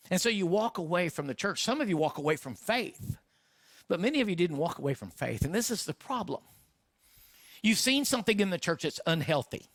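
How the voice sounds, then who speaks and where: A man's voice: fairly high pitch, fairly bright tone, no echo, studio quality. A middle-aged man preaching a sermon as pastor, passionate and full of rhetorical questions. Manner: impassioned, rhetorical questions, voices doubts.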